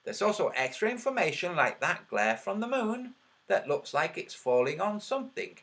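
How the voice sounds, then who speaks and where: A man making online videos, talking over his screen and counting out loud as he argues his point, his voice a little trembly. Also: high-pitched, very animated, normal speed. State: slightly trembly voice. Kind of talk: screen-share commentary.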